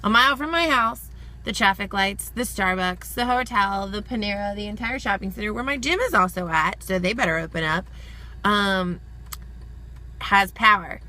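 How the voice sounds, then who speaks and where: A woman's voice: mid-range voice, normal speed, bright, forceful tone. A young woman vlogging casually from her car while driving through snow, chatty and exasperated, laughing often. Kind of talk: casual vlog chat. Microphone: phone camera. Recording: car noise behind the voice.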